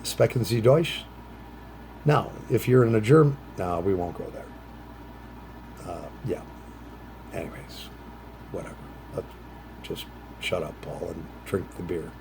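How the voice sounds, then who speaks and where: A man's voice: animated, a little slow, creaky, pauses often, background noise. Rambling middle-aged man musing aloud. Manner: rambling, trails off into low mutters; puts on bright, higher voices for quoted phrases. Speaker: vlogger. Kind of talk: casual chat while smoking a pipe.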